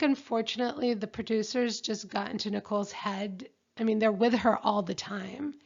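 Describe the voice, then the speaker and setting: A woman's voice: fairly high pitch, creaky. A woman recapping a reality show episode in a chatty, opinionated way. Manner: chatty and opinionated, reads out quotes. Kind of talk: casual episode recap narration. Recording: dull lo-fi recording.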